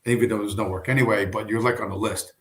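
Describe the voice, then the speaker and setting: Low-voiced man rambling in an echoey room. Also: fairly even intonation, fast. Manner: rambling, profane, storytelling. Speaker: livestream host. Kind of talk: casual livestream monologue. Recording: roomy echo.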